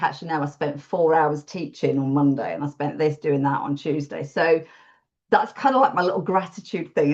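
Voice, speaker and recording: Candid woman, lo-fi call audio. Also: deep voice. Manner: candid, self-deprecating, laughs often. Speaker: WordPress support freelancer, podcast guest. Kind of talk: casual interview chat.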